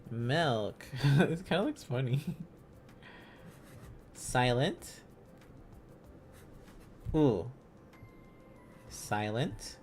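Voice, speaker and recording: A man's voice: medium pitch, sing-song, very slow, pauses often, soft background music. A man streaming casually, thinking aloud as he learns, sounding out syllables and chuckling often.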